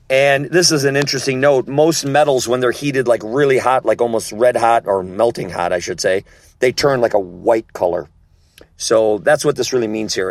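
A man preaching a sermon in an emphatic teaching manner, repeating key words and often checking in with his listeners. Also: mid-range voice. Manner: emphatic, repetitive teaching with frequent check-ins.

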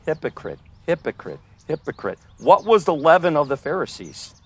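A man preaching on the street, rebuking and arguing with a listener, his voice swinging between loud accusations and low, hushed asides. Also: sing-song, moderate pace, husky.

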